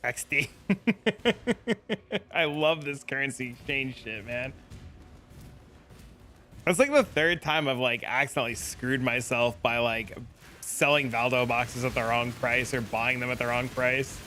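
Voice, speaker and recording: A man's voice: mid-range voice, steady tone, a little slow, pushed and bright. A young man streaming a game, chatting loosely with viewers in slangy, casual talk. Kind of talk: casual live-stream chat.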